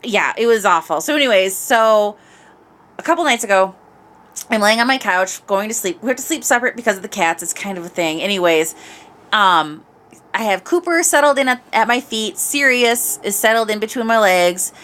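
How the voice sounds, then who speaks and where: Here a woman hosting a podcast shares an offhand anecdote at a normal pace. She's animated and expressive at the microphone, her voice dipping into mutters and jumping into shrieks.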